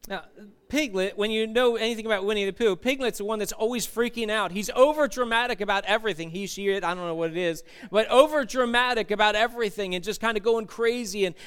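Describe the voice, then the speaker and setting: A man preaches a sermon in a church with a bright, clear voice, pitched high for a man. He gets animated and acts out panicked voices as he goes. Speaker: pastor.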